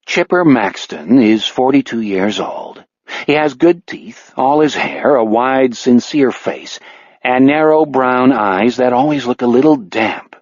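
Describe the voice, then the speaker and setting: A man narrating an audiobook in a wry, measured storytelling manner. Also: mid-range voice, expressive, a little mellow, no echo. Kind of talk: scripted narration. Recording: dry, slightly dull audiobook recording.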